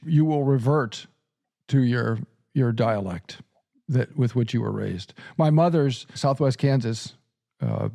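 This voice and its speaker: A man's voice: medium pitch, vocal fry, darkish tone. A middle-aged man from Nebraska hosting a podcast in casual chat, chuckling often and restarting his sentences. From Nebraska, USA. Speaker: podcast host and seminary professor.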